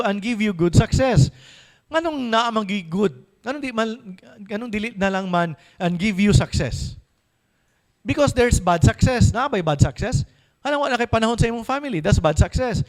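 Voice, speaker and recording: A pastor with a Filipino accent delivers a sermon in a notably high male voice. He is emphatic, keeps asking his congregation questions, and slows to a careful, deliberate pace when reading scripture. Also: poor audio.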